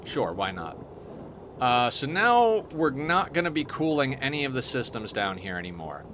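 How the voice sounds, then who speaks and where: A man's voice: mid-range voice, normal speed. A man streaming a game live, chatting casually and explaining each step of his plan as he goes. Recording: steady background noise.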